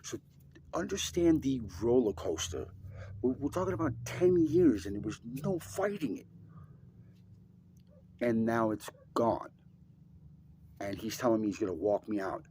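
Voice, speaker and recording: A man telling a personal story in an emphatic, profane way, swinging between loud and hushed. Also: mid-range voice, animated, a little slow, long pauses, slight background noise.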